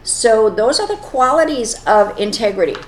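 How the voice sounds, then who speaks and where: A woman's voice: on the high side, expressive, normal speed. An earnest woman telling a moral story and then explaining its lesson, with plain wording. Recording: echoey room.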